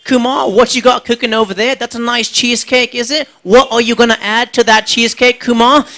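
A man doing a stand-up impression of a smarmy male Australian cooking show judge, with teasing, drawn-out coaxing. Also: very high voice, steady tone, sharp tone, pitched above the performer's own voice, full character voice. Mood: patronizing.

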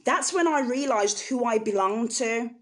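A woman's voice: fairly high pitch, expressive, unhurried. A woman vlogger speaking candidly to her viewers, telling a personal story in an earnest, emotional way. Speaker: vlogger sharing personal experience.

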